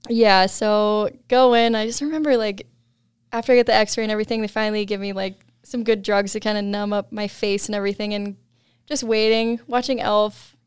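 A young woman guest on a podcast, telling a story in casual chat, laughing often and animated when quoting others. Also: medium pitch, brisk, clean tone, no room sound, clean studio sound.

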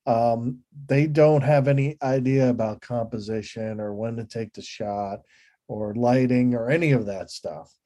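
A man's voice: mid-range voice, steady tone, a little slow, dark tone. A man interviewing a photographer, asking rambling, hesitant questions with frequent chuckles. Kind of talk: casual interview.

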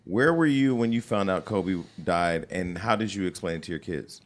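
Low-voiced man interviewing directly. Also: animated, moderate pace. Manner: direct, probing questions. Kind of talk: casual conversational interview.

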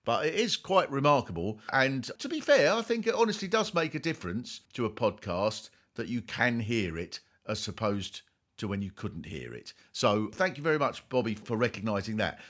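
Male comedian host, bright and animated, dry mock-serious delivery. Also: on the low side. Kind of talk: comic podcast monologue.

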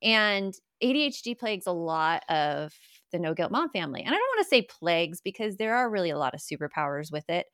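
An American woman hosting a podcast, enthusiastic and quick to laugh in casual conversation. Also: fairly low pitch, sing-song, a bit bright, dry recording, clean studio sound. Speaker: podcast host. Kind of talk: casual interview chat.

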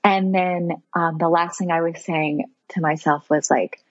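Husky-voiced woman telling a story. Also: lowish voice, measured pace, no echo, highs cut off. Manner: animated, laughs often, fillers like "like". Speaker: podcast guest. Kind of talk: personal storytelling.

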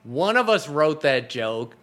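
Lively, laughing man telling stories. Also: a little high, slow pace. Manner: animated, laughing often, acting out quoted dialogue. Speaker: guest, TV comedy writer. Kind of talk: casual storytelling in an interview. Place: apartment.

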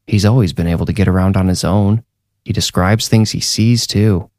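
A man's voice: sits low, steady tone, normal speed, a little mellow, no room sound, clean studio sound, lightly acted. A man voicing a worried young father who speaks in an urgent, earnest way.

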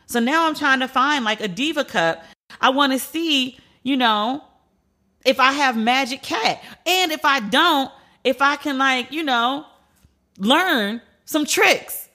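A woman's voice: high-pitched, animated, measured pace, sharp tone. An American woman hosting a podcast, chatting candidly and telling stories with slangy asides. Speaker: podcast host. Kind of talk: casual solo podcast chat.

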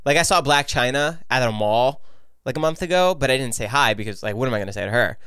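A man co-hosting a podcast, telling a long animated story in casual chat, full of "like" asides. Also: medium pitch, fast talker, clear, resonant tone, no room sound, clean studio sound. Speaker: podcast co-host.

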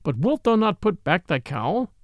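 A man's voice: high-pitched, big pitch swings, normal speed, dry recording, clean studio sound. A man voicing a bold, merry outlaw leader who talks in a jaunty, teasing way with old-fashioned speech.

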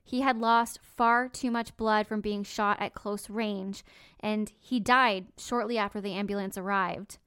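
A woman's voice: mid-range voice, fairly even intonation, measured pace, a bit bright, smooth, no room sound, clean studio sound. A woman hosting a podcast, narrating a true crime story conversationally with personal asides. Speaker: podcast host.

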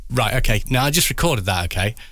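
A man's voice: medium pitch, lively intonation, fast, fairly bright tone, no room sound, clean studio sound. A man, the show's producer, bantering playfully and geekily with the host. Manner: playful, geeky, giggly. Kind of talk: casual podcast banter.

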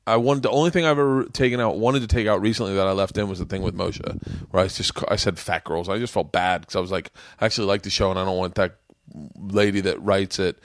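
A man's voice: low voice, fast, dry recording, clean studio sound. A middle-aged man hosting a podcast, chatting casually and acting out the voices in his stories, cursing often. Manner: animated storytelling, swearing freely, acting out quotes. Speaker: podcast host. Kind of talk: casual chat.

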